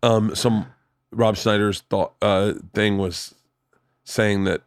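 A man who is a comedian, a guest on a podcast, chatting casually in an excitable, rambling way with plenty of swearing. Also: fairly low pitch, slow pace, no room sound, studio quality. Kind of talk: casual chat.

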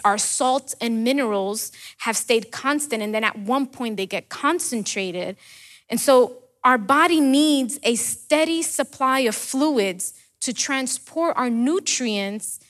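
A woman's voice: fairly high pitch, fairly bright tone. A woman preacher delivering a sermon, asking rhetorical questions and repeating key words for emphasis.

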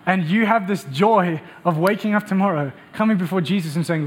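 High-voiced preacher man, animated. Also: a little fast, slight background noise. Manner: animated storytelling with acted quotes. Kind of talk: sermon.

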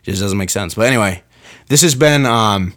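Rambling, animated young man ranting solo. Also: fairly low pitch, brisk. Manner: rambling, self-interrupting, animated. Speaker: podcast host. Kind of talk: casual solo podcast rant.

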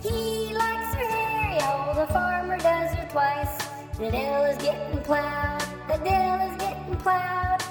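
A man singing a bawdy comedic song parody in a put-on, comically high voice. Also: a little slow. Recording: echoey, reverb-heavy, over loud music.

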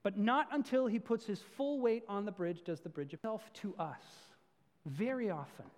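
A man's voice: high-pitched, normal speed, long reverb tail. A man preaching a sermon as pastor, telling stories earnestly with self-deprecating asides.

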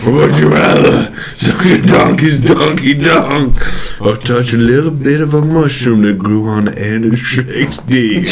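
A man doing a gruff Scottish swamp ogre, Shrek. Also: measured pace, hardly any pauses, a crowd in the background, lightly acted. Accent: put-on Scottish. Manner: gruff, silly, deep put-on voice. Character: grumpy male swamp ogre, big and gruff. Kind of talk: improvised comedy role-play.

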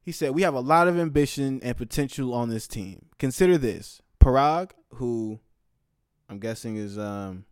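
A young man giving casual, heated commentary, profane and swinging between loud outbursts and low muttered asides. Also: expressive, normal speed, clear, resonant tone, dry recording, clean studio sound.

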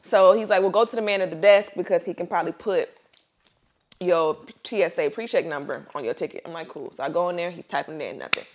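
With a fairly low voice and quick delivery, this young podcast co-host launches into a lengthy, casual story. She curses liberally, performs other people's lines, and keeps the telling animated.

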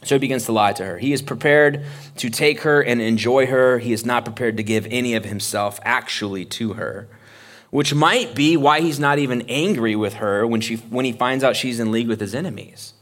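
A man's voice: medium pitch, brisk, a bit bright. Joking, conversational male preacher. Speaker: pastor. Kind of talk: casual sermon.

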